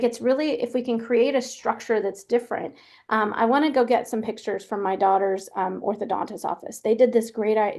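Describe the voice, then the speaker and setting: A woman's voice: medium pitch, a little mellow. A middle-aged woman hosting a webinar, talking casually with lots of fillers and restarts. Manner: chatty, many fillers and restarts. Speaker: webinar host.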